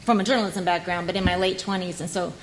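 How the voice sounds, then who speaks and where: A woman moderating a conference panel, asking questions in a friendly, halting way. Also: fairly low pitch, steady tone, noisy background.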